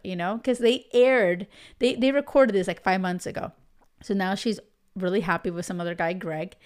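A young adult woman hosting a dating podcast, talking emphatically and directly to her listeners in casual commentary. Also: mid-range voice. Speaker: podcast host and dating coach.

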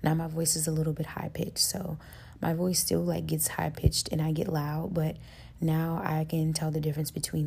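Low, gravelly woman podcast host. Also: fairly even intonation, moderate pace. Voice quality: says her voice is high-pitched and gets loud with passion. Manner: earnest, conversational, lots of fillers like "like" and "you know". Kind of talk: casual self-help monologue.

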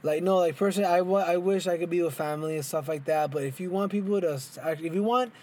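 A man's voice: sits high, fast, a little mellow. Rambling young man, casual podcast chat. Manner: rambling, lots of "like" fillers, joking. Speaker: podcast co-host. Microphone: headphones and mic.

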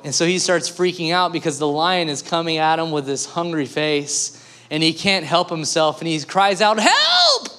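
Male pastor, sermon delivery; animated storyteller, earnest, slightly high voice. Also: moderate pace. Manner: earnest, coaxing questions to the congregation.

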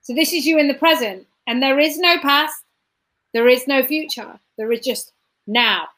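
A woman's voice: high voice, normal speed, a bit bright. A woman, a guest giving a motivational talk, repeating phrases emphatically and punching points with sound effects.

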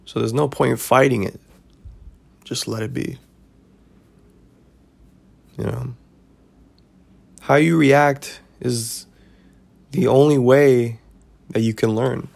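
A man's voice: mid-range voice, steady tone, slow pace, vocal fry, pauses often, darkish tone. A man hosting a podcast, talking casually and preachily about life lessons, repeating himself and checking in with "right?". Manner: preachy, repetitive, keeps asking "right?". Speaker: podcast host. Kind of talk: casual advice monologue.

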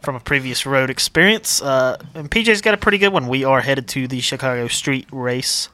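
A man's voice: mid-range voice, moderate pace, bright, forceful tone, no room sound. A man hosting a casual racing podcast, wry and blunt as he introduces segments. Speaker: podcast host. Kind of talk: casual chat. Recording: faint background noise.

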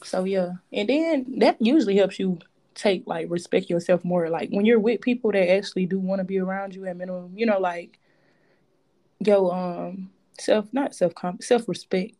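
A woman with co-hosting a casual chat, animated and slangy, laughing often. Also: medium pitch, moderate pace.

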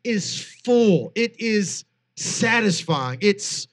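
A man in his thirties, a guest author telling a personal faith story in earnest, animated conversation, with frequent fillers. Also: sits high, very slow.

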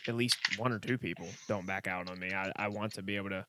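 Low-voiced man with typing behind. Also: fairly even intonation, fast talker. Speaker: podcast co-host. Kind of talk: casual chat. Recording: clear keyboard noise behind.

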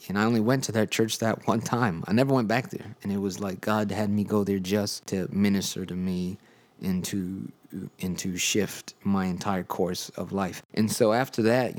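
Young male podcast host, very low voice, relaxed storytelling testimony with filler words. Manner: conversational storytelling with many fillers. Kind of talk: casual spoken testimony.

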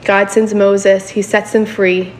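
A woman's voice: mid-range voice, level tone, slow pace, a little mellow, a little hiss or hum. A woman preaching a sermon in a casual, conversational way, often checking in with her listeners for agreement.

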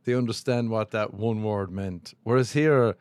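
A man's voice: on the low side, moderate pace, a little mellow, clear, resonant tone, dry recording. A young man with an Irish accent, a comedian chatting casually on a podcast, mumbling a little and laughing often. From Ireland. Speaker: stand-up comedian guest. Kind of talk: casual chat.

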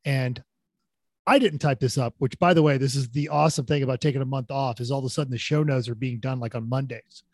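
A man's voice: medium pitch, steady tone, fast talker, darkish tone, no echo. A man hosting a casual podcast chat, teasing his co-hosts and steering the talk. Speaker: podcast host. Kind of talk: casual chat, leads the discussion.

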